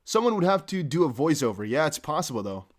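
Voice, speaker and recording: A man's voice: a little high, very animated, fast talker. A man with a light Dutch accent who hosts a crypto live stream. He chats casually, reads viewer comments aloud, and often trails off with "I don't know.". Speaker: crypto livestream host.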